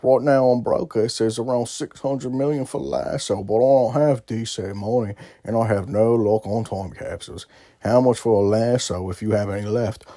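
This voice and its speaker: A man's voice: mid-range voice, fairly even intonation, moderate pace, mellow, dry recording, studio quality, close to an everyday voice. A man putting on an English accent to read out a gamer's plea to buy an in-game item. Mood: pleading. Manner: put-on English accent, dramatic reading. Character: pleading male gamer asking to buy an item.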